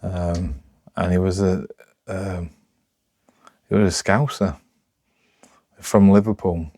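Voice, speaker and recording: A man with a Sheffield accent talking unscripted to camera, rambling and halting with lots of restarts, in a rough, broad way of speaking. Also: deep voice, level tone, dark tone, dry recording, clean studio sound. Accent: Sheffield, Yorkshire. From Sheffield, England. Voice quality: rough, broad local speech. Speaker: vlogger.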